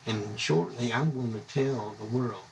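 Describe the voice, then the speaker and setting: A man's voice: mid-range voice, fairly even intonation, a little slow, a little mellow, distant mic, rough recording. A man from the United States, ranting bluntly and indignantly on a live stream, rambling from one grievance to the next. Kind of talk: angry live-stream rant. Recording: voice a bit off-mic, faint background hum.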